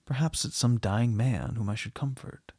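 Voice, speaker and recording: A man with a husky, gravelly voice voicing an anguished young woman about to take her vows, pleading in a raised voice. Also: moderate pace, a little mellow, no room sound, studio quality, natural voice. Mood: wavering. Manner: pleading, higher voice. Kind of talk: storybook reading.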